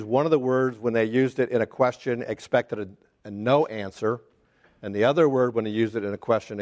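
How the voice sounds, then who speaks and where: A man teaching a casual Bible study class, talking haltingly with restarts and putting questions to the group. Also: medium pitch, a little mellow. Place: church classroom.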